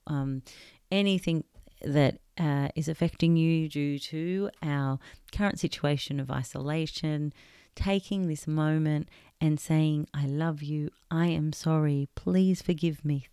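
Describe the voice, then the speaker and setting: A woman guides a meditation in a low, mellow voice. She speaks slowly and gently, leaving long pauses, and her tone is smooth. The sound is close and dry. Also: dry recording. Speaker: meditation guide and podcast host.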